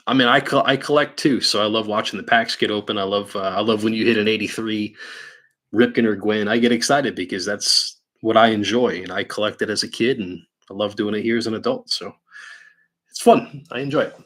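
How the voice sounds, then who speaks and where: A little fast and a bit bright, this New Yorker's lowish voice fills his live card-break stream. Working from an indoor studio, he opens packs while chatting casually and thinking aloud.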